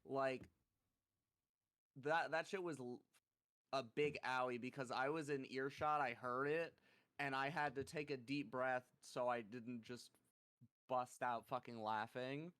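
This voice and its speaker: A man's voice: mid-range voice, steady tone, a little slow, a bit bright, clear, resonant tone. A young man co-hosting a podcast, casually telling stories about his work, swearing freely and laughing at his own tales. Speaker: podcast co-host. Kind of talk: casual chat.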